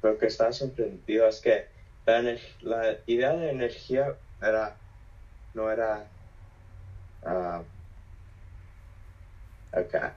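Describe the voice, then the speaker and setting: A teenage boy with a raspy, lowish voice, talking in a hesitant, casual way as a guest on a friend's podcast. The recording is dull and lo-fi, with the top end muffled. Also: a little slow, pauses often, a little mellow. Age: teens. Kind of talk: casual chat and reading aloud.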